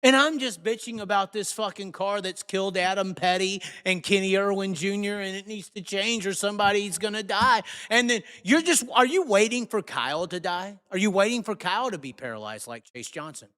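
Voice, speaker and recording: A man hosting a live show, ranting angrily and cursing, swinging between shouts and mutters. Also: high voice, fairly quick, hardly any pauses, in a large hall. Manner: heated, profane, shifts from shouting to muttering. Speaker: host. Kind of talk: angry live rant.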